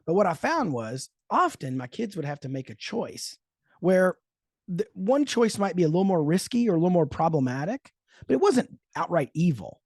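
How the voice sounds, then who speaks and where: A man hosting a faith-based parenting talk show, telling stories in a thoughtful, animated way. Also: high voice, moderate pace, no echo, clean studio sound. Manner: thoughtful, storytelling, lively emphasis. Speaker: podcast host. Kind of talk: casual chat.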